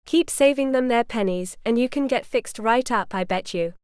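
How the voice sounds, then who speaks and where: A man's voice: extremely high pitch, moderate pace, smooth, no room sound, studio quality. A woman reading a teasing young male doctor. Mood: mock Southern. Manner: hams up a fake Southern drawl.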